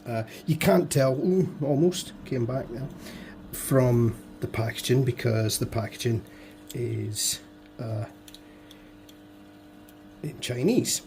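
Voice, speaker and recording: A man with a hoarse, fading voice, muttering to himself and joking at his own expense as he builds toy models. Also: medium pitch, slow, pauses often, dark tone, slight background noise. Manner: muttering to himself, self-deprecating. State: hoarse, voice going. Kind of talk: casual build commentary.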